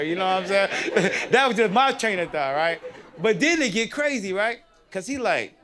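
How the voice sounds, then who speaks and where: A man doing live stand-up on a club stage, telling stories in an animated, chatty way, often checking in with the crowd and laughing at his own punchlines. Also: sits high, moderate pace. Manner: animated, chatty, keeps asking the crowd "you know what I mean". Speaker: stand-up comedian.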